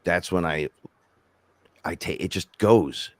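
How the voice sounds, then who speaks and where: A rapper co-hosting a podcast, telling rambling, animated stories in casual chat and quoting himself along the way. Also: male voice, sits low, takes it slowly, dry recording. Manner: rambling, animated storytelling with self-quotes.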